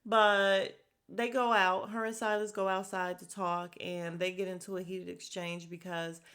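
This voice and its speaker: A young woman hosts a podcast recapping a reality show, her voice medium-pitched, clean, and a little slow. She chats casually, blunt and gossipy, swearing freely and quoting cast members in animated voices.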